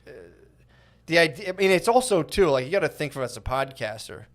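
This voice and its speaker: A man's voice: on the high side, animated, fairly quick. Rambling man on a comedy podcast. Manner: rambling storyteller, heavy on "like" and "dude". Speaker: podcast co-host. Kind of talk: casual comedy podcast chat.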